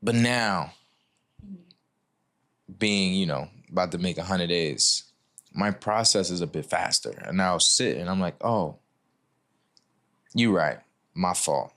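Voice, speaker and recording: A man with a very low voice, a guest on a relaxed podcast. He talks in a reflective, casual way and takes his time with his thoughts. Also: measured pace, long pauses.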